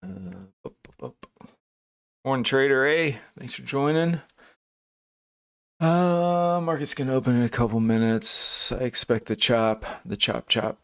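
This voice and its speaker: A man's voice: lowish voice, clear, resonant tone. A man hosting a live day trading stream, thinking aloud over charts with many fillers and restarts. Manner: thinking aloud, hesitant, frequent fillers and self-corrections; greets chat viewers by name. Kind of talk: casual live market commentary.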